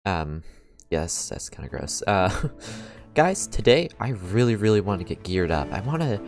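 Excitable man narrating his gameplay. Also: sits low, unhurried, faint music behind. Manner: excitable, gasps and laughs often, talks to viewers. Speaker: let's play host. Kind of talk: casual gaming commentary.

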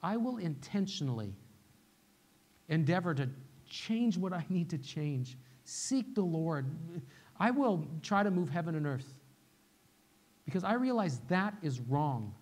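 A man's voice: fairly high pitch, very animated, unhurried, a little mellow. A man who is a pastor, preaching a sermon in a conversational way, repeating key phrases and often checking in with "right?". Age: young adult to middle-aged, father of a little one. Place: church sanctuary.

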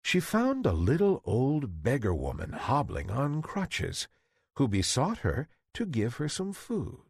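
A man reads a fairy tale aloud at a very slow, deliberate pace for English learners. His voice is husky and swings widely in pitch as he tells the story. The sound is dry and close to the mic. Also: no room sound. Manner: slow, deliberate, very expressive reading. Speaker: reader.

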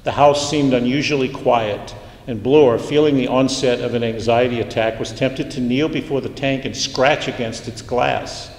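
A man's voice: mid-range voice, fairly even intonation, moderate pace, darkish tone. Man reading fiction in an echoey hall. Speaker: author reading his fiction. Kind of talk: literary reading aloud. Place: lecture hall. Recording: echoey hall, roomy reverb.

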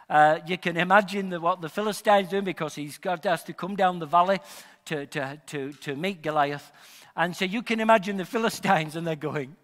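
A male pastor from Northern England preaching a sermon in a church hall, emphatic and building to loud, shouted declarations. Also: high voice. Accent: Northern English. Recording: long hall reverb.

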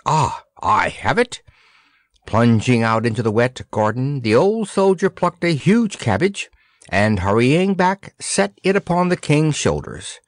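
An expressive man reads a children's storybook aloud, his mid-range voice rising and falling animatedly. The sound is close and dry, with no room echo. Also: medium pitch, measured pace. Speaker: audiobook narrator. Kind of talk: storybook narration.

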